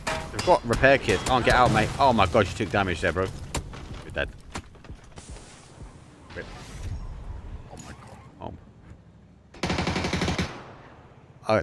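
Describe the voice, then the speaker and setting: A man giving live play-by-play commentary on an esports match, excitable and prone to bursting into shouts and laughter at big plays. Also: medium pitch, noisy background. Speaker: esports caster.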